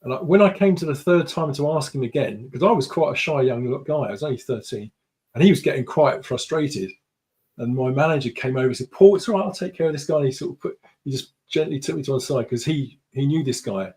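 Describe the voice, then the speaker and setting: A man's voice: medium pitch, brisk, darkish tone. Chatty storytelling man. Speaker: guest. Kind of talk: casual conversation.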